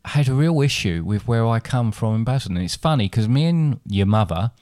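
A man's voice: mid-range voice, lively intonation, a little fast, darkish tone, dry recording, studio quality. A middle-aged man with an Essex accent, co-hosting a podcast and telling stories in a rambling, self-interrupting way. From England. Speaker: podcast co-host. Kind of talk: casual chat.

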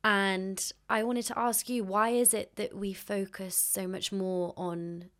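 A woman's voice: medium pitch, little pitch movement, slow, fairly bright tone. A woman hosting a podcast interview, speaking thoughtfully and giving short affirmations while she listens. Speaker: podcast host. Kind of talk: conversational interview.

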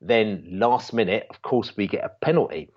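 A man's voice: lowish voice, moderate pace. A man telling a long football fan story in casual chat, rambling with many restarts and fillers. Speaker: football fan channel guest. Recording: dull lo-fi sound.

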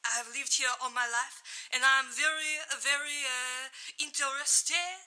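A woman putting on a hesitant, halting French accent to play a Parisian caller in a comedy podcast. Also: sits high, steady tone, bright, forceful tone, heavily acted. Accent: put-on French.

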